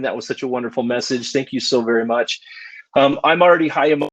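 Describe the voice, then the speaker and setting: A man's voice: mid-range voice, low-quality recording. A middle-aged man delivers a motivational speech in an earnest, heartfelt storytelling manner. His voice sits in a middle range for a man. He leans into personal anecdotes with feeling. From United States. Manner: earnest, warm storytelling with emotional emphasis. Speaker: keynote speaker.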